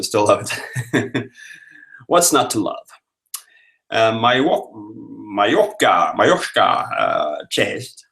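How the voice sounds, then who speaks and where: A man's voice: on the low side, fairly bright tone. A man from Sweden in his thirties, hosting a live stream from home and chatting jokily with viewers as he reads their comments. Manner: chatty, jokey, rambling. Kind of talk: casual chat reading viewer comments. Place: home room.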